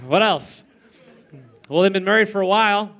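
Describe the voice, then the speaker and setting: A man's voice: high voice, a bit bright, slight background noise. A man in his thirties preaching a sermon in church, telling stories with playful mimicry and chuckles. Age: 30s. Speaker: pastor.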